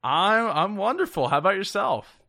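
Bright-voiced podcast host. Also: male voice, sits high, sing-song, moderate pace, no echo, studio quality. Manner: stumbling, restarts, friendly. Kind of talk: casual interview hosting.

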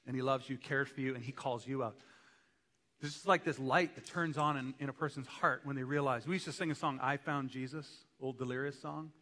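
Bright-voiced male pastor in reverberant church. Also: mid-range voice. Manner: conversational, with joking asides. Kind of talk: sermon. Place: church sanctuary. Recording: long church hall reverb.

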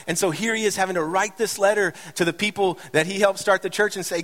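A man's voice: high voice, fairly even intonation, fast, hardly any pauses, a bit bright. A middle-aged man preaching a sermon as a pastor, conversational with light joking asides, building to impassioned emphasis. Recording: reverberant hall.

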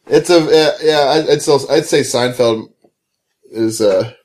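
A man co-hosting a podcast in loose, casual chat. His voice sits at an ordinary pitch, and he talks in a laid-back way, swearing freely and laughing often. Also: measured pace, a little mellow. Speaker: podcast co-host.

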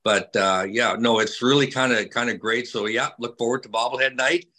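A man's voice: mid-range voice, steady tone, normal speed, low-quality recording. An older man, a retired hockey player, chatting casually with fans, telling stories with many repeats and fillers. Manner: warm storyteller, repeats words, many fillers.

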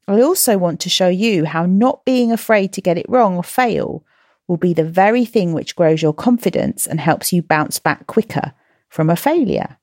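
A woman hosting a podcast for children, chatty and gently self-mocking as she encourages her listeners. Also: fairly low pitch, gravelly, no room sound, studio quality. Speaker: podcast host and coach for children. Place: at home, in slippers.

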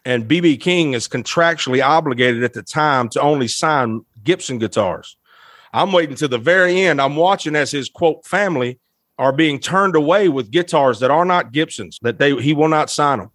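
A musician guest telling an animated, emotional anecdote, laughing often as he talks. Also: fairly high pitch, normal speed, dry recording, clean studio sound. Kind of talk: storytelling anecdote.

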